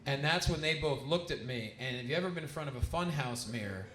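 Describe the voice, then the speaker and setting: A man's voice: medium pitch, expressive, fast, sharp tone. A man telling a loose, chatty stand-up comedy story, full of "like" and asides. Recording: echoey room.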